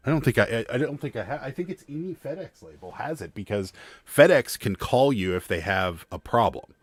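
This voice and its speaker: A man's voice: mid-range voice, breathy edge, dry recording. A man co-hosting a casual livestream chat about reselling, telling stories with plenty of laughter. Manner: animated storyteller, quick to laugh. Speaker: livestream co-host.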